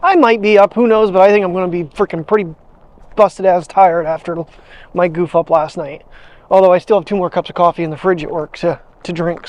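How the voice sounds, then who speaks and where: A man's voice: high voice, fairly quick, a little mellow, highs cut off. A man vlogging casually outdoors while walking his dog, rambling, chuckling and talking to the dog as he goes, on a clip-on mic. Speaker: daily vlogger. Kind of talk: casual chat. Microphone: wireless clip-on mic.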